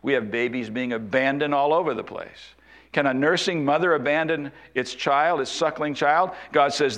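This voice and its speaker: A man preaching an expository sermon, slowing down and dropping his voice low to stress key points. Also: fairly bright tone. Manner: expository preaching, slows and drops low for emphasis. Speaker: pastor.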